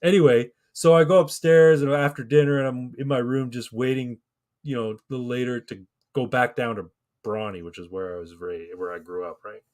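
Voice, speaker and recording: A man in his thirties talks on a casual podcast, rambling and swearing freely as he tells a story. His voice sits in an ordinary middle pitch, and he slips into the voices of the people he quotes. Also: steady tone, brisk, darkish tone. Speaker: podcast co-host.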